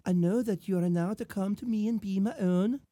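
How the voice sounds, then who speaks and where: A man's voice: high-pitched, brisk, warm tone, no echo. A man reading a love letter as a gushing, scheming widow, with crude asides.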